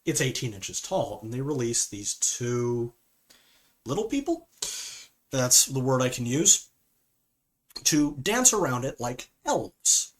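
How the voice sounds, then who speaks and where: Man, casual film review, rambling, fillers, average pitch. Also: big pitch swings, takes it slowly, long pauses. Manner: rambling, with frequent fillers and "okay?" asides.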